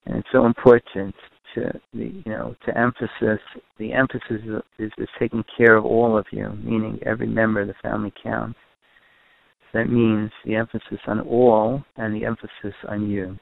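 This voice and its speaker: A man's voice: lowish voice, little pitch movement, normal speed, gravelly, dry recording, phone-quality sound. A man giving a recorded lecture to a group on family and parenting, repeating and rephrasing his points for emphasis.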